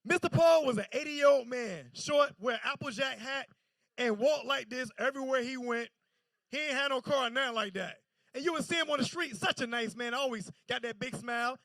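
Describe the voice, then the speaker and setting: A man's voice: very high-pitched, brisk, fairly bright tone, no room sound. A man doing a stand-up set on a comedy club stage, telling stories loosely with stammering restarts.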